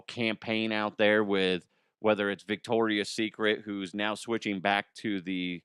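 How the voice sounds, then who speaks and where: A man's voice: on the low side, a bit bright, clear, resonant tone, no echo, clean studio sound. Rambling, profane man joking about news. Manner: rambling, profane, laughs at own jokes. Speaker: host. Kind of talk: casual comedic news commentary.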